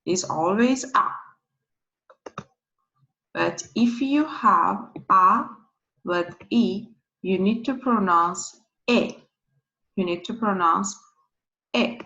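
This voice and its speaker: A woman giving a slow pronunciation lesson, who repeats each sound patiently several times. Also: mid-range voice, pushed and bright. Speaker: language teacher. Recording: dull lo-fi recording.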